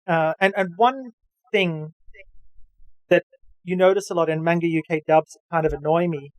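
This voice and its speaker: A man's voice: a little high, normal speed, dry recording, rough recording. A man hosting a podcast, chatting knowledgeably with lots of fillers and restarts. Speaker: podcast host. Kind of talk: casual chat.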